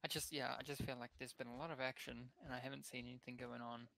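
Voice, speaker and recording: A man streaming an online game, talking with his team in relaxed voice chat and musing about how teammates are doing, on a headset or desk mic. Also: medium pitch, fast talker, creaky, crowd noise, low-quality recording. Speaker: streamer and gamer. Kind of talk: casual team voice chat while gaming.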